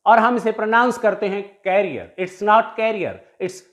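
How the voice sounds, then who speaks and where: A man's voice: high-pitched, steady tone, a bit bright. Indian man drilling English pronunciation. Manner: drills words by repeating them slowly and emphatically; switches between English and Hindi explanations. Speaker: English teacher. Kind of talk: recorded classroom-style lesson.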